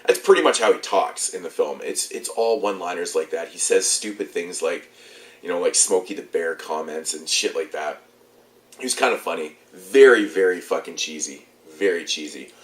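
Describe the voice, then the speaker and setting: A man's voice: low-pitched, normal speed, a bit bright, roomy sound. A young man with a stuffed-up, congested voice, casually rambling through a movie review with loose, swearing chat.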